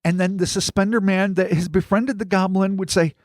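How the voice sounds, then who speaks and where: A man's voice: sits high, steady tone, fairly quick, dry recording, studio quality. A man hosting a podcast who reads listener stories aloud and riffs on them in a rambling, profane, joking way. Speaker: podcast host. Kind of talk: casual podcast chat and story reading.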